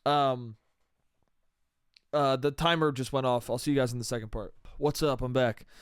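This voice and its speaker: A man's voice: medium pitch, fairly even intonation, normal speed, clean tone, no echo, clean studio sound. Rambling solo podcast man saying dude. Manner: rambling, says "dude" and "bro" a lot, swearing. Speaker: podcast host. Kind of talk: solo comedy podcast monologue.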